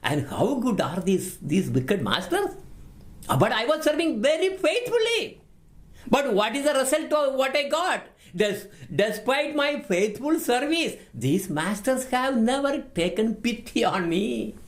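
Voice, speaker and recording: A man's voice: very high-pitched, measured pace. A man giving a devotional class lecture, emphatic and given to repeating his words. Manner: animated, emphatic, repeats words while teaching. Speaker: spiritual teacher.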